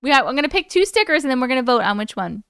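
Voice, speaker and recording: A young woman hosting a casual livestream, chatty and excitable with her viewers and swearing freely. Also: high voice, racing, creaky, clean tone, dry recording, studio quality. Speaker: livestream host.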